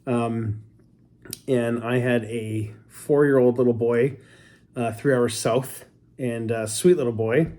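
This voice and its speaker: A talkative Canadian man chats casually with his wife as co-host, quick to joke and make fun of himself while rambling from story to story. His voice rests at an ordinary middle pitch with a steady, mellow tone, and his manner is chatty, joking, and self-deprecating in this easygoing couple's conversation.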